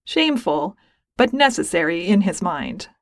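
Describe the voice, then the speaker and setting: A woman's voice: fairly low pitch, big pitch swings, moderate pace, dry recording. Woman narrating a story, dry close sound. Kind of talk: reading fan fiction aloud.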